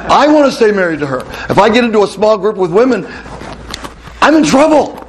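In a hall with a live audience, a middle-aged male pastor gives a lively talk to a room of men, telling stories and asking the crowd questions. His voice sits high and he speaks fairly quickly.

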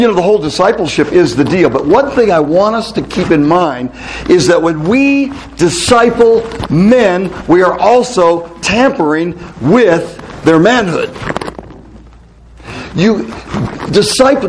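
A middle-aged male pastor giving a lively talk to a room of men, telling stories and putting questions to the crowd. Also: high voice, a little slow, a little hiss or hum. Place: hall with a live audience.

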